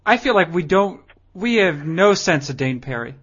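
A man's voice: high voice, sing-song, normal speed, a bit bright, muffled recording, slight background noise. A man hosting a podcast, chatting casually in a dry, teasing, rambling way. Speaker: podcast host.

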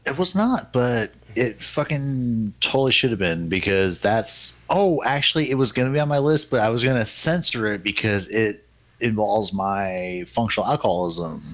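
A man's voice: lowish voice, animated, moderate pace, fairly bright tone. A man in a casual chat with friends, teasing and swearing freely between laughs.

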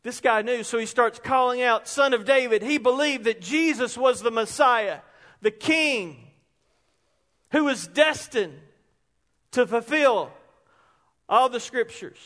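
A man, preaching an animated sermon that rises into shouts. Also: very high-pitched, takes it slowly, long pauses. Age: 50s. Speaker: pastor. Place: church sanctuary. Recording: long reverb of a large hall.

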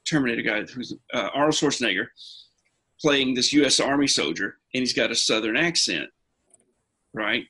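Husky man telling a rambling story. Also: mid-range voice, bright, forceful tone. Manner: rambling storyteller, restarts a lot. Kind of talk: casual chat.

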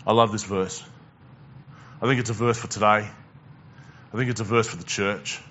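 A man's voice: lowish voice, fairly even intonation, normal speed, a bit bright, muffled recording, slight background noise. A male pastor preaching a conversational sermon, asking the congregation questions and repeating words as he goes.

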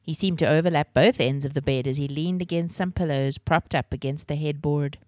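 A woman's voice: low voice, a little fast, dark tone, no room sound, clean studio sound. A woman hosting a children's podcast and reading a novel aloud. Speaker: podcast host and reader.

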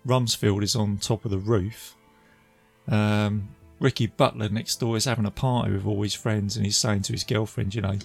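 A man's voice: on the low side, fairly even intonation, moderate pace, gravelly, husky, soft background music. A man casually retelling a film's scenes, chatty and laughing as he goes. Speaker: film reviewer. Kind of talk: casual film recap.

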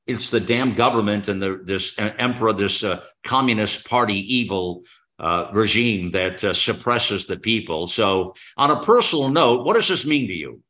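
A man with a very low voice hosts a talk radio show. He speaks with fervent, patriotic passion, circling back and restarting his sentences as he goes. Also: expressive, moderate pace, bright, forceful tone. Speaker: radio host.

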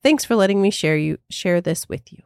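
A woman co-hosting a podcast, reading a listener's ghost story in a soft, measured way and then chatting casually. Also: mid-range voice, expressive, creaky, clear, resonant tone, dry recording, studio quality. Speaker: podcast co-host.

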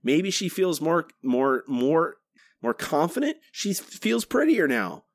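Taking his time, a male podcast co-host with a slightly high voice talks casually, rambling with lots of restarts and plenty of animation. The sound is dry and clean, straight from a studio.

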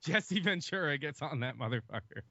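A man's voice: fairly high pitch, animated, moderate pace, sharp tone, no echo. A man with a Southern US accent, a podcast guest who jokes crudely and brashly. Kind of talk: casual chat. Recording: dull lo-fi remote call.

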